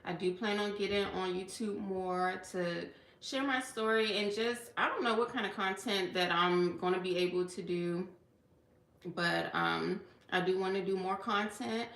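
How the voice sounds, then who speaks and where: A woman from Washington DC speaks in a personal livestream about her work as a federal employee. Her voice sits at a middle pitch and she talks earnestly, with a little tearfulness, dropping in "okay" and "you know" often. The room gives her voice a noticeable echo. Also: unhurried, fairly bright tone. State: tearful at times. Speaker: federal worker and livestream vlogger. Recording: echoey room.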